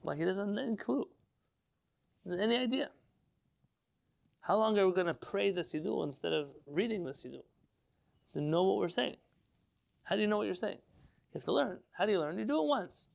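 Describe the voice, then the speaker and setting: A man teaching an informal religious class as a rabbi, lively and rhetorical, putting questions to his listeners. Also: high voice, fairly quick, vocal fry, long pauses. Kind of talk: informal Torah lesson to a live class.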